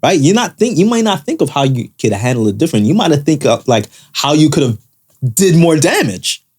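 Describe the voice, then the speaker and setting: A man's voice: on the high side, big pitch swings, fairly quick, darkish tone, slightly rough. A man co-hosting a casual podcast chat, earnestly working through his points with frequent restarts. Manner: earnest, repeats words as he builds a point. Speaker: podcast co-host.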